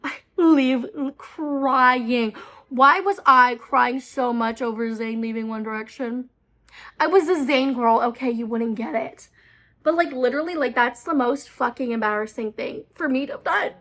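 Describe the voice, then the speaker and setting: A woman's voice: a little high, unhurried, fairly bright tone. A woman in her twenties telling a story to camera in a chatty, self-mocking way, swearing often and filling her talk with "like". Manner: chatty, profane, self-mocking, many "like" fillers. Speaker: storytime vlogger.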